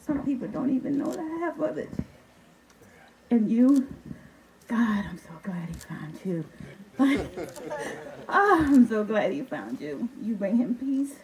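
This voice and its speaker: A woman's voice: fairly high pitch, very animated, takes it slowly, pauses often, darkish tone, rough recording. A woman speaking as the groom's sister, emotional and teasing in a casual wedding toast. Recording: toast over background noise.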